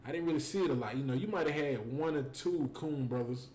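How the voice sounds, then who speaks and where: Animated man telling stories in an echoey room. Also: on the high side, quick pace. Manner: animated, joking, full of fillers. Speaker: host. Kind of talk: casual storytelling and preaching on a stream. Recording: echoey room with faint noise.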